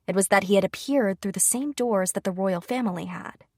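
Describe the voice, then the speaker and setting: Woman narrating, slightly husky. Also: mid-range voice, brisk, no room sound, clean studio sound. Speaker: audiobook narrator. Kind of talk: scripted first-person narration.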